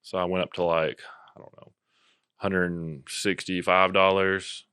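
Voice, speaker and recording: Low-voiced, laid-back young podcast co-host. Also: male voice, little pitch movement, a little slow, bright, forceful tone, smooth, no echo, studio quality. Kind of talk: casual chat.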